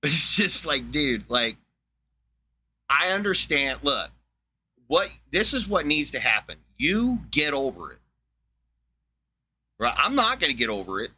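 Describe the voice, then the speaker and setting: A man hosting a livestream, ranting in a blunt, profane, excitable way, with a wheezy laugh. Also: a little high, unhurried, pauses often, slightly rough. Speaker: livestream host. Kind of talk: casual livestream rant.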